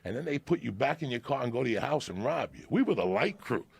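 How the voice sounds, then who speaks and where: A middle-aged man with a gravelly, crackling voice spins raucous, foul-mouthed stories into a podcast mic. His pitch leaps all over the place, and he breaks into laughter as he tells them. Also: big pitch swings, fast talker. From New Jersey. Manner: loud, profane, laughs through his stories. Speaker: podcast guest. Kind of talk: storytelling on a podcast.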